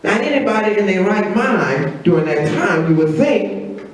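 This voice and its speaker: High-voiced preacher in echoey hall. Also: male voice, expressive, moderate pace, slight background noise. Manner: conversational storytelling, acting out quotes in a low voice. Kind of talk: sermon. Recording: very echoey room, voice from a distance.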